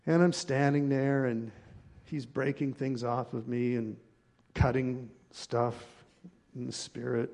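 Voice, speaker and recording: A man preaching a sermon, telling a personal story in an animated, conversational way. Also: mid-range voice, measured pace, vocal fry, slightly rough. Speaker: pastor.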